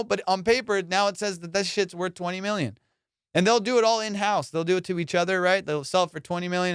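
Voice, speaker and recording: A man hosting a comedy podcast, ranting in a casual, profane, animated way and slipping into mock voices. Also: high voice, clear, resonant tone, dry recording, studio quality. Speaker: podcast host.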